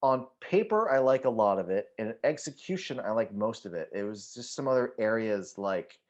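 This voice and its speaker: A man's voice: fairly low pitch, expressive, moderate pace, a little mellow. A man co-hosting a casual movie podcast, rambling through thoughts with lots of restarts, fillers and casual swearing. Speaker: podcast co-host.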